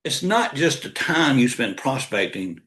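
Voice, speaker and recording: A man's voice: mid-range voice, big pitch swings, a little slow, fairly bright tone. An older man giving a motivational sales coaching talk, repeating key lines for emphasis. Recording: roomy echo.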